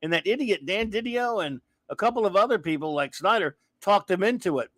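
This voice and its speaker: The host's voice is high and fairly bright, animated and fairly quick, recorded with no echo. He runs a casual live chat show, ranting and restarting his sentences while stopping to read viewers' comments out loud.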